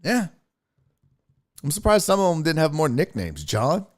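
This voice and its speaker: Animated laughing man hosting a show. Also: fairly high pitch, a little slow. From Houston area. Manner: loud, laughing, animated storyteller. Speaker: host. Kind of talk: casual live-stream chat.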